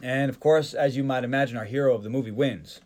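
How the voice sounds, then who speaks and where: A man's voice: medium pitch, fast, a little mellow. Joking man recapping a film. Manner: joking, mock-doing character voices and accents. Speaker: podcast host. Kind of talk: casual movie-recap chat.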